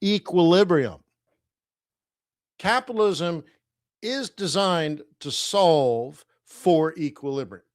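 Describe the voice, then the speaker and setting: Slow-talking rambling male stream host. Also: a little high, lively intonation, no room sound, clean studio sound. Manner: rambling, conversational, chuckles often. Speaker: forex trading livestream host. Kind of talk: casual livestream commentary.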